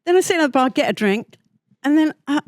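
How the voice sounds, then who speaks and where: A middle-aged woman, a guest on a podcast, telling a story in lively casual chat. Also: high-pitched, fast talker, no echo, clean studio sound. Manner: animated, laughing storyteller. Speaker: guest, backing singer.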